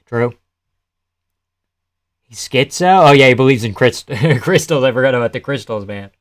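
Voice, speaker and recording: A young man streaming live, chatting loosely to his viewers. His pitch sits in the ordinary middle for a man. He laughs often, swears freely and answers chat between remarks. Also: expressive, moderate pace. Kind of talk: casual live-stream commentary.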